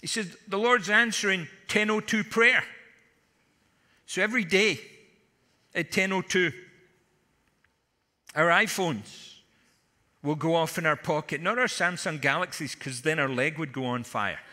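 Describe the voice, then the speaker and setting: A man preaches at a conference, mixing punchy jokes into his stories. His voice sits high and sounds very bright and sharp. It rings out through a large hall with a long reverb tail. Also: a little slow, pauses often. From Scotland. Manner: humorous storytelling with punchy asides. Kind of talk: conference sermon.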